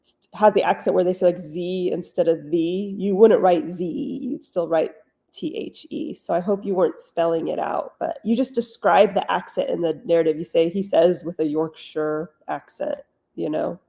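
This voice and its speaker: A woman's voice: on the low side, fairly even intonation, normal speed, creaky, warm tone. A woman author hosting a live writing stream from home, answering chat questions in a blunt, wry, casual way.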